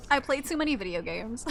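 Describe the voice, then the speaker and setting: A woman's voice: high voice, expressive, normal speed, vocal fry, fairly bright tone, a little hiss or hum. A young woman streaming a video game, chatting casually to her viewers, giggly and self-mocking, swearing freely. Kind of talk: casual gaming stream chat.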